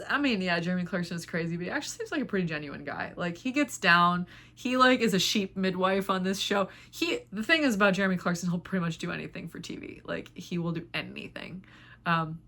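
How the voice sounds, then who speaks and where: A woman's voice: lowish voice, sharp tone. A woman hosting a knitting vlog, chatting casually and rambling with lots of filler words. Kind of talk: casual chat.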